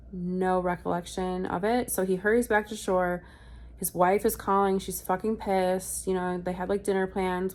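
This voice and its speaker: Sick with a virus, a young woman vlogs from bed in a hotel room, telling stories in a chatty way, swearing and quoting people as she goes. Her voice is medium in pitch and a little mellow.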